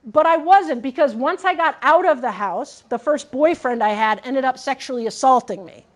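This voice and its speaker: High-voiced woman telling her story on stage. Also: expressive, normal speed. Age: 40s. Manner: earnest, candid, addresses the audience directly. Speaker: conference speaker. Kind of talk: personal keynote storytelling.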